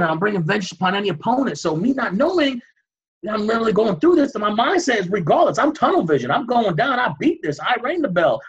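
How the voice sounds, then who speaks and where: Man, guest, animated storytelling, acts out scenes, slightly high voice, husky. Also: lo-fi sound. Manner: animated, dramatic retelling with shouted reenactments. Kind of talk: storytelling interview.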